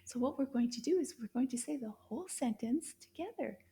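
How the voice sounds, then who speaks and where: A woman teaching French to children, speaking slowly and drawing out each word, praising often. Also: high voice, expressive, warm tone. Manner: slow, drawn-out repetitions of French words with frequent praise. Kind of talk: slow, encouraging kids' language lesson.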